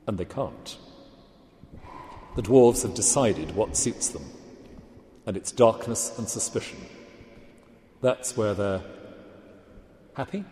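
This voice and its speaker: A man giving a literature lecture, speaking deliberately and with emphasis. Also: lowish voice, animated, mellow, echoey room, big-room sound.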